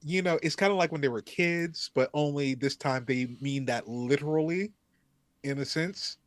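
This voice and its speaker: A man narrating a tabletop role-playing game as game master, pausing often with ums as he thinks. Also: a little high, no echo. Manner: slow, hesitant, many ums.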